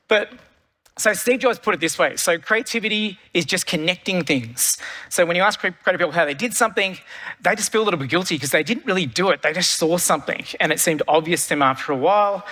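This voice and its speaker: A man's voice: a little high, bright, forceful tone. A middle-aged man giving a keynote talk, telling stories energetically and repeating phrases for effect, on a conference stage. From Australia. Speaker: keynote speaker, creative director. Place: large conference hall stage. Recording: long reverb of a large hall.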